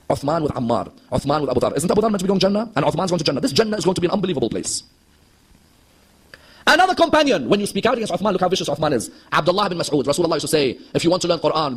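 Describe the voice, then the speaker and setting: A male preacher delivers a heated lecture on religious history at a rapid clip. His voice sits high and carries a husky edge. He throws rhetorical questions at his listeners and slips into the voices of the people he quotes. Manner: impassioned, rhetorical questions to the audience, acts out quoted dialogue. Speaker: Shia preacher.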